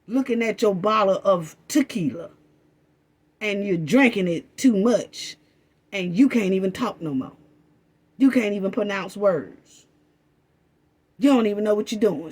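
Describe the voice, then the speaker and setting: A woman with a somewhat high, husky voice rants through an impassioned commentary. She talks slowly and emphatically, repeating phrases for weight, and sounds accusatory throughout. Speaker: commentary vlogger.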